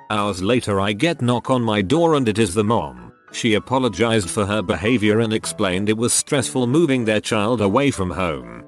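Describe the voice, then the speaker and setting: Low-voiced man reading stories, lively. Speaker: narrator reading online stories. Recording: soft music underneath.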